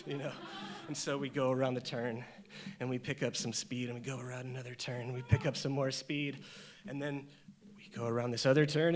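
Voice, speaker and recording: A man doing stand-up comedy on stage, telling a story and acting out the voices in it. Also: mid-range voice. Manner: animated, acts out voices in the story.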